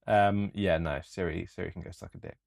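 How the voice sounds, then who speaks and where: Low-voiced laid-back young man. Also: steady tone, brisk, gravelly, a little mellow, a little hiss or hum. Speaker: podcast co-host. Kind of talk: casual livestream chat.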